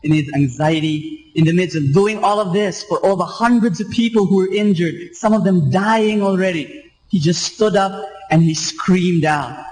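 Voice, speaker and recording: A man's voice: sits high, normal speed, darkish tone, poor audio. A man preaching a sermon, emphatic and repetitive, asking the congregation rhetorical questions. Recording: radio live stream.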